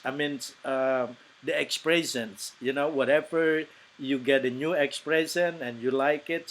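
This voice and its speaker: A man's voice: mid-range voice, a little hiss or hum, poor audio. A man from Indonesia with an Indonesian accent, giving casual English-learning tips to his channel's viewers, hesitant and full of fillers. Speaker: English teacher. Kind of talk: casual lesson tips to camera.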